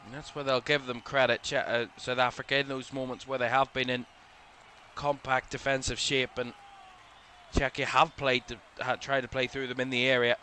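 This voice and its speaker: Over slight background noise, a man chats through relaxed live commentary of a football game for a watchalong stream. Drowsy at times and yawning, he thinks aloud and fixes small slips, using a mid-range voice at normal speed.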